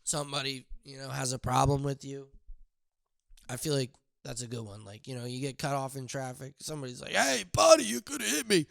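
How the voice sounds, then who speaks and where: A young man hosting a solo podcast, rambling and profane, breaking into high strained shouts of a catchphrase. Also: little pitch movement, fairly quick, gravelly, clean tone, no echo, clean studio sound. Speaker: podcast host. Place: outdoors near his house.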